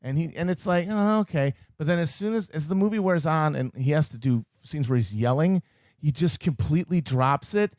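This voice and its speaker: Sardonic ranting man, slightly high voice. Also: animated, a little mellow, no echo, studio quality. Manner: sardonic, ranting, quick asides. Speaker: podcast co-host. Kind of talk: casual podcast banter.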